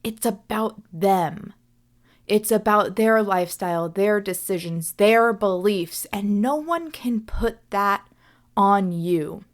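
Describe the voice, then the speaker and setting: Young woman, solo podcast host, life coach, earnest, slow-paced, mid-pitched, reflective. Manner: earnest, repeats "right?" often.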